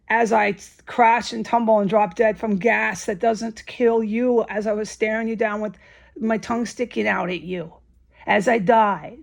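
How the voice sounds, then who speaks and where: A woman vlogs an angry, profane rant, agitated enough that her voice sometimes rises sharply to near-shouts. Her medium-pitched voice is creaky, with fairly even intonation and a measured pace.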